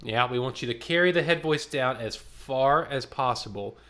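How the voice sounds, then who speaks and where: A man leading a choir warm-up, coaching and demonstrating vocal exercises as a choir director. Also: medium pitch, moderate pace.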